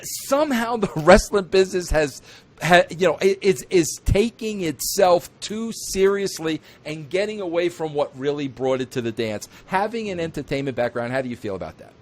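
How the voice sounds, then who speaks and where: A man hosting an interview, talking in an emphatic, repetitive way that climbs into excited outbursts. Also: a little high, normal speed. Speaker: interview host. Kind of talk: opinionated wrestling talk.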